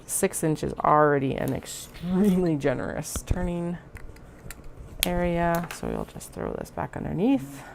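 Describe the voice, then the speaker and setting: Slow, gravelly woman narrating her sewing. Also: fairly low pitch, big pitch swings, noisy background. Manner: chatty, self-talking while working. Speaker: crafter sewing on stream. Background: sewing machine running.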